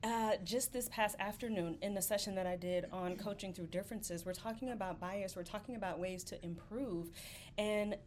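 A woman in mid pitch speaks in a measured, encouraging way. Her talk is casual group reflection, and a faint rumble sits under her voice. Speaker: ADHD coach.

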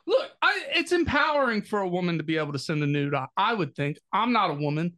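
A man's voice: high-pitched, sing-song, fast talker, sharp tone. A man co-hosting a podcast in a taproom, rambling through crude casual banter with heavy swearing and frequent laughter. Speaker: podcast co-host.

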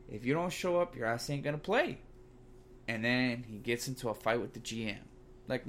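Male sports ranter, profane and fired up, mid pitch, light noise floor. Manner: profane, heated ranting. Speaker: sports commentator. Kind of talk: casual sports rant.

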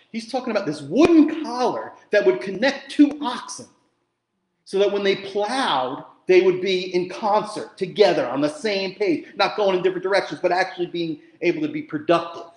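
Animated pastor preaching in an echoey room. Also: male voice, high voice. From New Jersey, USA. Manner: animated, swings from quiet to loud and emphatic; conversational, jokey asides. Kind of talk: sermon.

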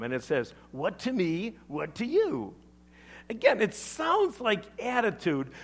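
A man preaching a sermon, animated, acting out quotes with sudden loud bursts and often checking in with "okay?". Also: a little high. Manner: keeps asking "okay?". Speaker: pastor.

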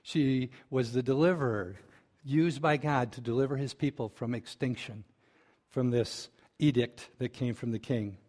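Man preaching a lively sermon. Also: mid-range voice, unhurried. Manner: lively storytelling with asides to the congregation. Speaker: pastor.

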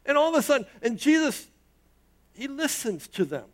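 Brief: middle-aged male pastor, high-pitched voice, emphatic sermon delivery with rises and hushed drops. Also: very animated, brisk. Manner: emphatic preaching, rising and dropping in pitch and loudness.

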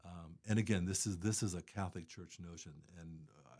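A man's voice: deep voice, fairly even intonation, brisk, darkish tone, slightly rough. A man talking casually as a guest about charity work, rambling with many fillers and restarts. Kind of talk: casual conversation.

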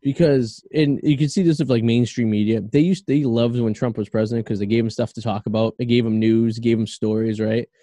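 A man hosting a loose podcast conversation, his voice mellow and relaxed. He rambles through opinions with plenty of ums and uhs. The recording is dry and close. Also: medium pitch, a little fast, few pauses, dry recording. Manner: rambling, opinionated, with lots of fillers. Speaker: podcast host. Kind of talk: casual podcast chat.

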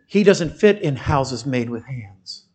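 A man preaching a sermon with passion, swinging from loud declarations to quiet, wry storytelling. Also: medium pitch, expressive, slow. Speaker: pastor.

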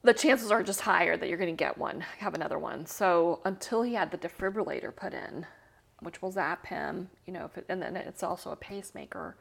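A woman's voice: fairly low pitch, fairly quick, creaky, husky. A middle-aged woman, an interview guest, candidly telling an emotional personal story, full of fillers and sometimes dropping to a whisper. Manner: candid, many "you know" and "like" fillers, drops to whispers.

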